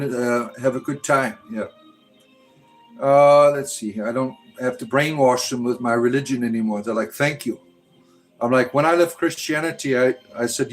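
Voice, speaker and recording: A middle-aged man hosting a casual livestream from home, answering chat in a blunt, profane, sarcastic way and sometimes drawing words out in a slow, mock-grand tone. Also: medium pitch. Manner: slow drawn-out mock-grand delivery at times.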